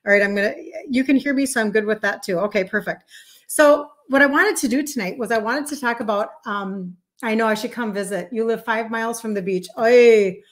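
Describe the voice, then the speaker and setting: A woman's voice: a little high, fairly quick, fairly bright tone. Chatty Minnesotan woman hosting a live stream. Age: 50s. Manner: chatty, greets viewers and answers comments on the fly. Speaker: host, health coach. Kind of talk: live-stream chat with viewers.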